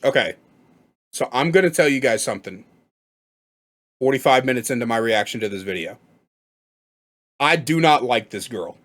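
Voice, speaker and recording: A man's voice: medium pitch, lively intonation, moderate pace, long pauses, a bit bright. A man giving blunt, profane reaction commentary, rambling and repeating himself as he makes his points.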